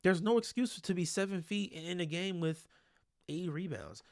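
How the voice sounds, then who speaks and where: A man's voice: sits high, moderate pace, darkish tone, no echo, studio quality. A man breaking down basketball game film in a casual, exasperated and blunt way, swearing freely.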